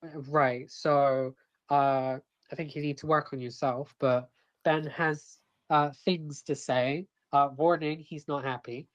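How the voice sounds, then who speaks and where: Woman, very deep voice, hesitant, dull lo-fi sound. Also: fairly even intonation, no echo. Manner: hesitant, halting, many fillers. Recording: dull lo-fi stream audio.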